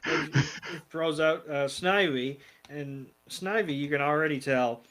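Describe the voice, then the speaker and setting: A man's voice: a little high, unhurried, a bit bright. Casual man retelling scenes with laughs. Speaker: podcast co-host. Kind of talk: casual comedic episode recap.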